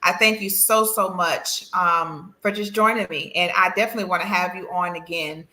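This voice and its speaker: A woman's voice: fairly low pitch, fairly even intonation, normal speed, sharp tone. A woman with a New York accent hosting a livestream interview, effusive and encouraging as she thanks her guest. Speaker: host.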